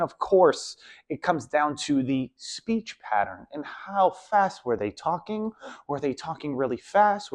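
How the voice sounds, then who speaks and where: Rambling man giving casual advice. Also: mid-range voice. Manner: rambling, repeats "so on and so forth". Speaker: video host. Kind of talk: casual advice talk to camera.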